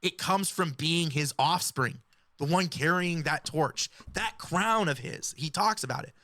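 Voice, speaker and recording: A woman giving explanatory commentary in a video, speaking in a measured, analytical way. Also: low voice, pushed and bright, no echo, studio quality. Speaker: music commentator.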